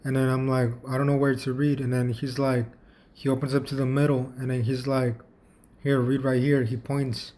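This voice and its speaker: Flat-voiced man telling a story. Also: medium pitch. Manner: halting, with frequent restarts and repeated words. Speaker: vlogger. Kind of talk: casual first-person storytelling.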